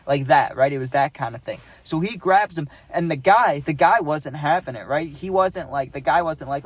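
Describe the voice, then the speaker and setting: A young man casually telling a storytime, rambling and dropping "right?" and "dude" as he goes, acting out quotes in animated voices. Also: a little high, normal speed, few pauses.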